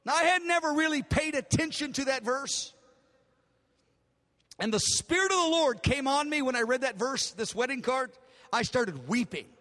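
High bright-voiced older pastor preaching. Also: male voice, normal speed. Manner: emotional, dramatic retelling with acted-out dialogue. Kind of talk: sermon storytelling. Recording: long reverb of a large hall.

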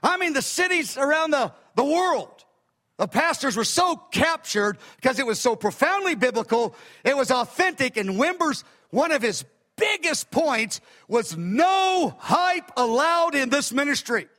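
An older man preaching a sermon, telling stories with animated emphasis, recorded in an echoey hall. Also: very high voice, unhurried.

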